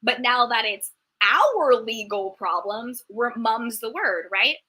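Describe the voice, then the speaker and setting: A woman hosting a reality TV recap, ranting in an indignant, animated way and dropping a lot of "like" as she goes. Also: on the high side, breathy edge. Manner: indignant, animated, talks fast with filler "like". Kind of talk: heated commentary rant.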